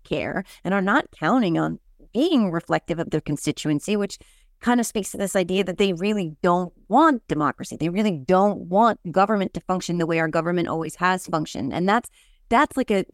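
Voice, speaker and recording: A woman co-hosting a casual political chat, talking in an animated, digressive way with many fillers and restarts. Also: on the low side, moderate pace, no echo, studio quality.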